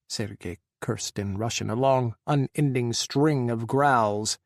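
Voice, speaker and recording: A man narrating an audiobook in a measured, dramatic way. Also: mid-range voice, no room sound, studio quality. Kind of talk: scripted narration.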